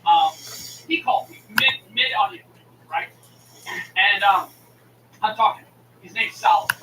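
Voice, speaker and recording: High-voiced man ranting with lots of swearing. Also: a little slow. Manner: heated, swearing, acting out both sides of a phone call. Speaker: streamer. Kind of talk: casual profane rant. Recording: echoey room mic from a distance with noise.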